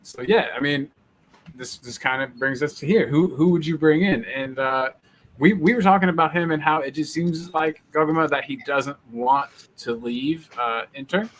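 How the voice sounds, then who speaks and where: Laid-back American male host, middle pitch, faint hiss under him. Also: normal speed, fairly bright tone. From United States. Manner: easygoing, laid-back, asks questions. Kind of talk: casual chat.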